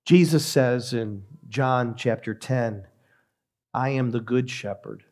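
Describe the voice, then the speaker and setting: A man who is a pastor, preaching a sermon in a measured, emphatic way with deliberate pauses. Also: medium pitch, a little mellow, soft background music.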